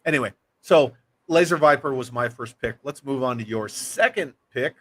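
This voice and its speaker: A man's voice: medium pitch, normal speed. A man hosting a casual livestream, reading viewer comments aloud and joking around. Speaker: livestream host.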